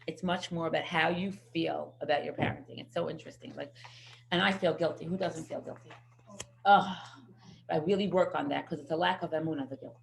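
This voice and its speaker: A middle-aged woman teaching a parenting class, telling lively stories. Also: low voice, fast, creaky, slight background noise. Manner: lively anecdotal storytelling. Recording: echoey room.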